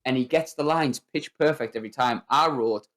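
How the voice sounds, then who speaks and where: A man co-hosting a film podcast in a relaxed, chatty way. His pitch sits in the middle range. He slips into little performances of quoted lines as he talks. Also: brisk. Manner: animated, acts out quoted movie lines. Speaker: podcast co-host. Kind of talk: casual film discussion.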